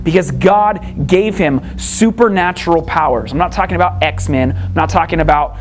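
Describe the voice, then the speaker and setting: A male pastor preaching a sermon with animated, emphatic storytelling. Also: a little high, moderate pace, faint music behind.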